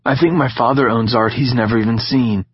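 A man's voice: mid-range voice, fairly even intonation, a little fast, slightly rough, no echo, lo-fi sound, close to an everyday voice. A man voicing a nervous, wry wealthy teenage boy in an audiobook. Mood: curious.

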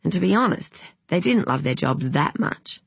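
An audiobook narrator reading a novel in an even, wry storytelling manner. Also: medium pitch, normal speed, gravelly, slightly rough, no echo.

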